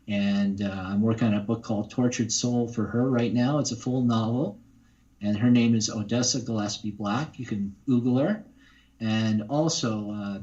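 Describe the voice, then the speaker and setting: A man's voice: mid-range voice, darkish tone. Rambling man, muffled. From Canada. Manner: rambling, many fillers and restarts. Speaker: guest voice actor. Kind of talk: casual interview chat.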